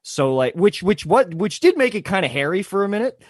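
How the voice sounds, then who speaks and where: A young man spins a story on a casual podcast, cursing freely and breaking into laughter. His pitch rises and falls a lot as he talks. The sound is close and dry with no room around it. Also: brisk, no echo. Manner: animated, swearing, laughing often. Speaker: podcast co-host.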